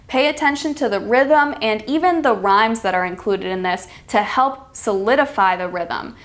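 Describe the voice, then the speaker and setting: A woman with an American accent teaching a pronunciation lesson, speaking clearly and stressing words with care. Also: fairly high pitch, fairly bright tone. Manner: calls herself extremely sarcastic. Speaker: accent coach. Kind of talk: teaching lesson with read-aloud examples.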